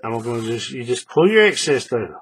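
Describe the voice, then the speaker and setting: A man's voice: mid-range voice, fairly quick, slight background noise. A man casually walking viewers through a hands-on crafting tutorial, repeating steps and checking that they follow along. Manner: relaxed, repetitive, often checks the viewer follows. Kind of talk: casual step-by-step demonstration.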